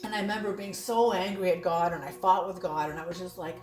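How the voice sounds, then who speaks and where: A woman's voice: lowish voice, steady tone, fast talker, a little mellow, faint music behind. Woman doing a tarot reading, blunt, cussing, laughing, roomy echo. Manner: blunt, swears freely, laughs often. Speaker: tarot reader. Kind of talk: casual spoken tarot reading.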